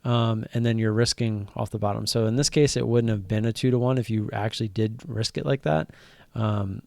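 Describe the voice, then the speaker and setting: A man's voice: on the low side, fairly even intonation, normal speed, vocal fry, a little mellow, no room sound. A man hosting a casual stock trading live stream, rambling with frequent fillers and restarts.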